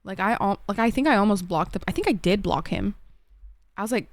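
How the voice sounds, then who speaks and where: A young woman from Egypt streaming from her home desk, chatting with viewers in a loose, profane way. Her voice carries a gravelly fry, sitting at a middle pitch for a woman, and the sound is close and dry. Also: lively intonation, fairly quick, no room sound. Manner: chatty, lots of "like", frequent swearing. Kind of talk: casual chat answering viewers.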